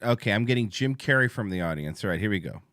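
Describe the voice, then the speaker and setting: A sardonic male podcast host riffs on clips in a bright, lively voice and swears freely. His recording is dry and close, with no room sound at all. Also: lowish voice, fast, no room sound. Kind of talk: comedic commentary.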